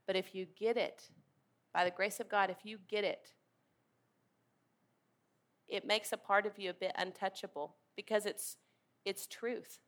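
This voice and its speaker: A woman's voice: medium pitch, steady tone, unhurried, long pauses. A woman preaching a sermon in an earnest, emphatic way, leading her listeners to repeat words back to her. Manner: earnest, emphatic, leads the congregation in call-and-response.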